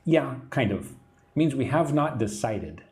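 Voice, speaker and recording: On his live stream, a Texan man with an American accent answers viewer comments, reading them aloud, while patiently explaining English idioms and frequently adding "right?" He speaks in an animated, slightly mellow mid-range voice at a measured pace.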